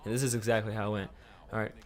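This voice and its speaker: A man's voice: fairly low pitch, little pitch movement, rapid-fire. A man telling a childhood story for his vlog, laughing often and swearing freely. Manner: profane, laughing, rambling storytelling. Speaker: vlogger.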